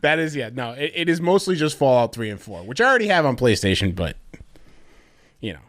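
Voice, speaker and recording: Easygoing laughing podcast guest. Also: male voice, mid-range voice, sing-song, a little fast, fairly bright tone, no echo. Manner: easygoing, laughs often, casual phrasing. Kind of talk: casual gaming podcast chat.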